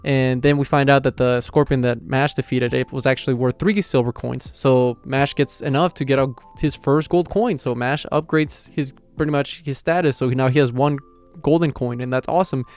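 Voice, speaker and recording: A young man excitedly recapping an anime episode in slangy, casual talk. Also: medium pitch, moderate pace, clear, resonant tone. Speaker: anime reviewer.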